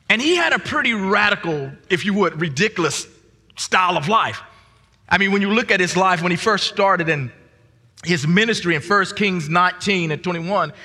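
A man preaching a sermon as a guest pastor, stumbling over restarts and climbing into shouts. His voice sits high and sounds bright. The sound carries a long reverb from the hall. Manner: repetitive restarts, rising to shouts at peaks.

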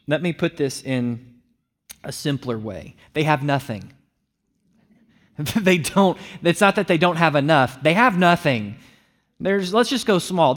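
A man preaching a sermon, explaining a passage and acting out the speakers' lines with animation. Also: a little high. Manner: animated, acts out the disciples' lines in a raised voice. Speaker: pastor.

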